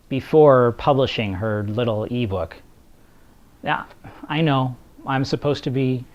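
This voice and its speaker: Male author vlogger, measured and slow, sarcastic edge, muffled lo-fi sound. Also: medium pitch, a little mellow. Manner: sardonic, blunt. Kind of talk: scripted commentary. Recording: dull lo-fi recording.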